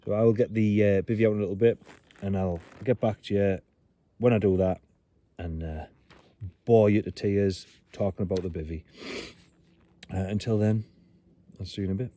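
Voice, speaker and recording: Sheltering under a tarp in rainy woods, a bushcraft vlogger rambles casually about his gear, self-deprecating and full of ums and ers. His voice is fairly low, steady and dark, at normal speed with frequent pauses. Rain falls in the background.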